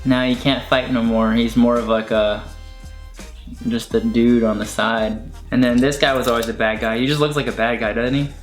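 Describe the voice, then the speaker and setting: A man's voice: medium pitch, steady tone, moderate pace. A young man chatting casually and with enthusiasm about his childhood toys, rambling with lots of fillers. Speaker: online video creator. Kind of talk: casual chat showing toys. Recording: echoey room with faint music.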